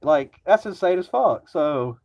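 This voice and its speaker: A man's voice: fairly high pitch, lively intonation, unhurried, gravelly, a little mellow. A man ranting casually to camera, rambling and agitated, swearing constantly. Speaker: vlogger. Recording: dull lo-fi recording.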